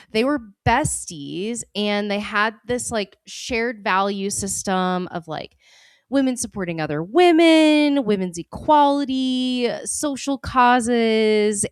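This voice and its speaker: A woman's voice: mid-range voice, clear, resonant tone, no room sound, clean studio sound. A woman co-hosting a podcast, telling stories casually, laughing often and acting out quotes in playful voices. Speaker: podcast co-host. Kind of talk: casual chat, storytelling. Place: podcast studio.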